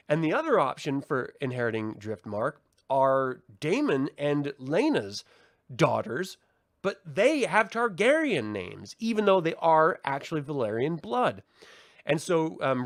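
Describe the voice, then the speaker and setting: A man's voice: medium pitch, normal speed, no room sound. Dry-sounding man casually reviewing a TV episode. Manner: animated retelling, hesitant fillers.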